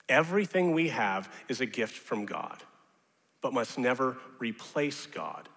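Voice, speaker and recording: A man preaching a sermon as pastor, animated and rising now and then to loud mocking shouts. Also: mid-range voice. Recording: long reverb of a large hall.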